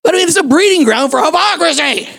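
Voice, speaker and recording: A man with an unusually high voice preaches to his congregation. He builds to shouted emphasis and keeps throwing rhetorical questions at the room. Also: lively intonation, fast, creaky, dry recording. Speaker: pastor. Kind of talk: sermon. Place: church, before a congregation.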